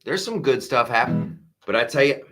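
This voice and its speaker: A man's voice: mid-range voice, lively intonation, a little fast, a bit bright, soft background music. A man hosting a live comedy news show, ranting with exasperated sarcasm and frequent restarts.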